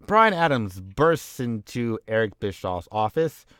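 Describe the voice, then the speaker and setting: A man's voice: on the low side, a little slow, clear, resonant tone, no room sound, clean studio sound. Rambling man narrating a game playthrough. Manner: rambling, offhand, lively. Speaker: game commentator.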